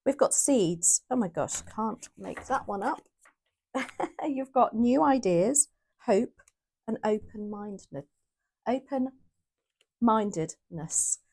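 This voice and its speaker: A woman's voice: a little high, lively intonation, slow, warm tone, slightly rough. A woman giving a casual, chatty tarot reading to her viewers, often correcting herself as she thinks aloud. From United Kingdom. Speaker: tarot reader.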